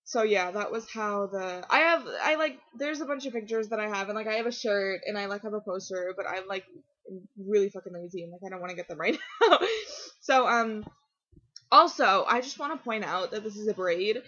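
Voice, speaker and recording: A teenage girl chatting casually to her camera at home, rambling and excitable, full of fillers and restarts. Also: medium pitch, fairly quick. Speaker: vlogger. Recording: dull lo-fi webcam audio.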